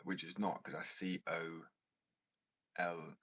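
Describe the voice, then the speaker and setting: Low-voiced American man chatting. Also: flat delivery, takes it slowly, a bit bright, breathy edge, low-quality recording. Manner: rambling, joking, swears freely. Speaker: streamer chatting with viewers. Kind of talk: casual chat.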